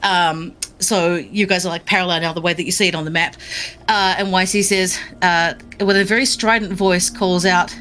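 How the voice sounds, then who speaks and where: A woman's voice: fairly low pitch, steady tone, moderate pace, a bit bright, faint music behind. A woman narrating as dungeon master, chatty and full of fillers. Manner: chatty, filler-heavy, breaks into silly voices. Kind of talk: narrating a tabletop game.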